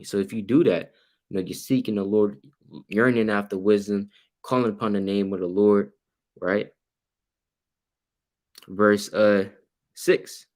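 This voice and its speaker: A man's voice: normal speed, pauses often. A man teaching a casual Bible study, reading verses aloud and explaining them, asking "right?" again and again and acting out the people in the story. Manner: acts out quoted people with sudden louder, higher bursts. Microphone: computer mic while sharing his screen.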